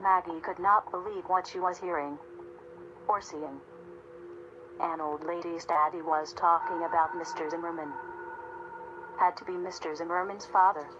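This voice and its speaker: A woman reading a story aloud in a steady, measured narration. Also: on the low side, dull audio, over music. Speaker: audiobook narrator. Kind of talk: scripted narration.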